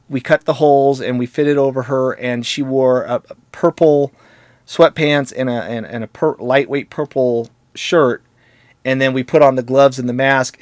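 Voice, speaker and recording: A man's voice: mid-range voice, no echo, clean studio sound. A man telling stories in casual conversation, in a jokey, rambling way that often breaks into laughter at his own tales.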